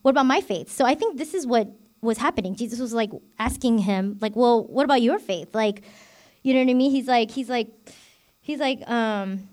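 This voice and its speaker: A woman deacon gives an informal Bible teaching, her voice on the high side and her pace moderate. She's chatty and self-revealing, with lots of fillers like "you know" and "like."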